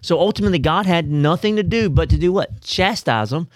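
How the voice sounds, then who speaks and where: A man co-hosting a casual Bible study podcast, telling the stories in an animated way. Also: a little high, a little fast, dry recording, studio quality. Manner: animated storyteller. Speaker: podcast co-host.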